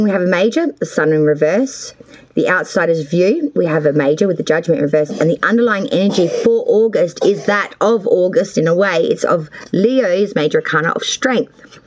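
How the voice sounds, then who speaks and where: A woman's voice: on the low side, animated, moderate pace, highs cut off. An Australian woman hosting a casual tarot reading from her cold home with the power out, chatty, rambling and swearing freely. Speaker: tarot reader and channel host.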